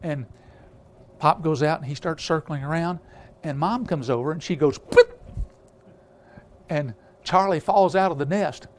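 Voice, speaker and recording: A man's voice: a little high, normal speed. A man preaching a storytelling sermon, rambling with many filler sounds and restarts.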